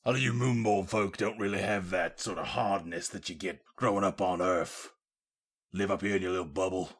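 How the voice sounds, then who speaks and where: A man playing a boastful Earth-born runner in a rough put-on British accent, with a gravelly growl. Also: low voice, moderate pace, voice pushed down. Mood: scornful. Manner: swaggering, calls people mate.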